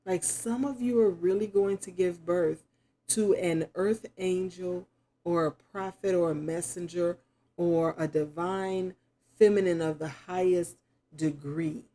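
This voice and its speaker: Middle-aged female tarot reader, very slow delivery, warm dark tone, reflective and musing. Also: lowish voice. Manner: slow, reflective, musing aloud with sudden exclamations. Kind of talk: spoken tarot reading to camera.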